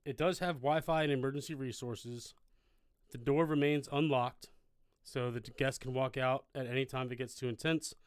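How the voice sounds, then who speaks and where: A man's voice: medium pitch, steady tone, moderate pace, smooth, no echo. A man co-hosting a casual podcast, chatting and reading out details in a dry way. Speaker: podcast co-host. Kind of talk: casual chat.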